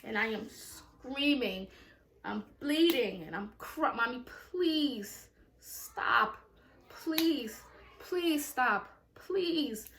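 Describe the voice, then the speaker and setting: A woman tells a painful story, raw and profane, going back over her words again and again. Her voice sits fairly high. The room is roomy, with a faint hiss underneath. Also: a bit bright. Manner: raw, emotional, profane storytelling with many repetitions. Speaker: vlogger. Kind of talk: story time.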